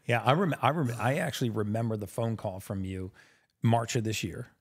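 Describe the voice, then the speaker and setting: A man's voice: mid-range voice, a little fast, slightly rough. A man hosting a podcast who chats with his guest and often affirms him with "yeah" and "mm-hmm.". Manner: affirming, chatty, backchannels a lot. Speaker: podcast host. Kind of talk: conversational interview.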